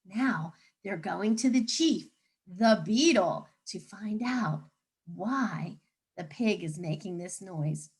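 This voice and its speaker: A woman teacher reading a picture book aloud to children, animated and coaxing, pausing to ask them questions. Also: mid-range voice, slightly rough.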